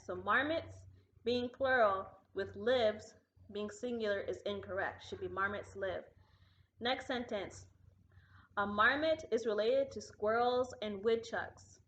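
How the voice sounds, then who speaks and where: A woman teacher giving a recorded grammar lesson to students at home, patient and deliberate, slowing down to model example sentences. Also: medium pitch, fairly bright tone. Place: classroom. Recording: echoey room, dull lo-fi sound.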